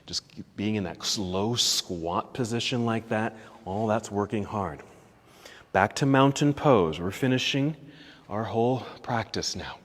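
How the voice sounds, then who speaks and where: A man teaching a yoga class, calmly cueing poses step by step and easing toward relaxation, a little out of breath. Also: on the low side, measured pace, in a large hall. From United States. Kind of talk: guided yoga class instruction. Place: yoga studio.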